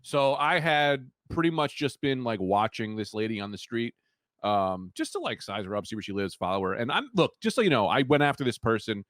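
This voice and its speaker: A man co-hosting a comedy podcast, telling a rambling, deadpan story with quoted voices. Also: medium pitch, fairly quick, no echo, studio quality. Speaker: podcast co-host.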